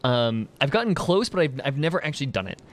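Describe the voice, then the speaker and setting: A young man with a mid-range, very animated voice talks quickly while streaming a game. He chats casually with viewers and reads their messages, rambling, laughing a lot, and filling his speech with fillers and restarts.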